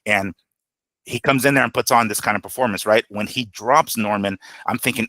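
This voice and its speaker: Man, boxing podcast co-host, bright forward tone, dry close mic, swears, animated breakdowns. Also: lowish voice, moderate pace, dry recording. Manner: animated, profane, acts out quotes. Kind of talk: casual boxing analysis.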